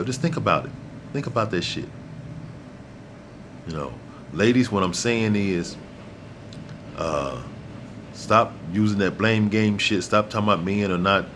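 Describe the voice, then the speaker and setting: A man's voice: on the low side, slight background noise. Blunt, profane man ranting. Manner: blunt, profane and preachy, repeats himself for emphasis. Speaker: vlog host. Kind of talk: ranting monologue to camera.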